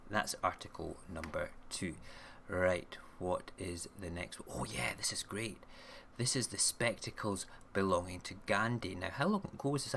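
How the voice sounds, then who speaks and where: A man hosts an online radio show, rambling casually through news stories and often checking in with "okay?". His voice is fairly low and gravelly with a fairly bright tone, recorded by the camera mic as he films himself, with slight background noise.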